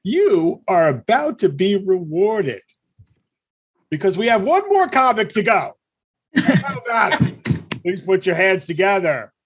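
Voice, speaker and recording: A man hosting a comedy show on a club stage, announcing comics with drawn-out, showy introductions. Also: sits high, big pitch swings.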